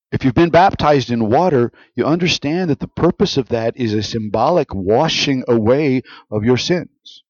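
A male pastor preaches with emphatic swings, pushing up loud on key words and sinking low again. His voice sits at a middling pitch. The recording is dry and a little dull. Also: no room sound. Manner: emphatic, rising to loud stresses then dropping low. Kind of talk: sermon.

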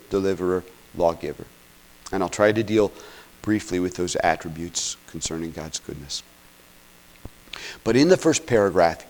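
Earnest male pastor, fairly low voice. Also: poor audio. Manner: earnest teaching tone, checks in with "okay?"; swings between loud emphatic peaks and quiet low asides. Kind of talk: sermon.

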